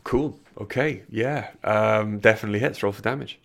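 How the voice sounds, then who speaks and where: This man's voice sits on the low side and has some vocal fry. He's the game master of a tabletop game, narrating combat and making rulings in a measured manner, with plenty of hesitant fillers in between.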